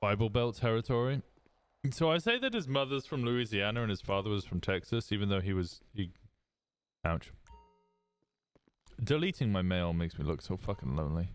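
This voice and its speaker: A man's voice: on the low side, lively intonation, normal speed, pauses often. An English man streaming a role-play game, chatting casually and self-deprecatingly with his viewers in his own accent. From England.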